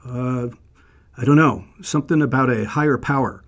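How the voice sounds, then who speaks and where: A man's voice: mid-range voice, normal speed, lightly acted. A man voicing a hesitant Roman guard who stammers with fillers.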